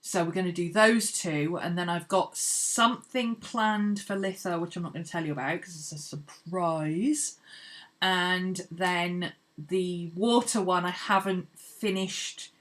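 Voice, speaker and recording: A woman's voice: on the low side, steady tone, unhurried, a bit bright. A woman hosting an art channel, chatting casually and rambling cheerfully as she sketches. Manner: chatty, rambling, laughs easily. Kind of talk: casual chat while sketching.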